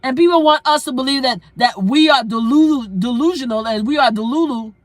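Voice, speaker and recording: A woman's voice: a little high, dry recording. A woman live-streaming from inside her car, delivering a heated rant in a blunt, emphatic way and hammering her points with repetition.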